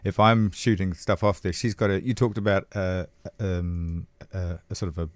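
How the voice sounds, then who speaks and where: Man, new zealand accent, low voice, dry close sound, casual storytelling podcast guest. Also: fairly even intonation, normal speed, dry recording. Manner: anecdotal, acts out quotes with shifting voices. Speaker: comedian guest.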